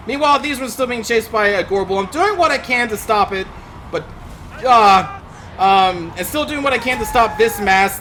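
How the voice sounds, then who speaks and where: A high-pitched man narrating a strategy game match, his commentary full of exasperated rants and frequent swearing. A clear noisy hiss runs under the voice throughout. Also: pushed and bright. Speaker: gaming channel host. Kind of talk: gameplay commentary.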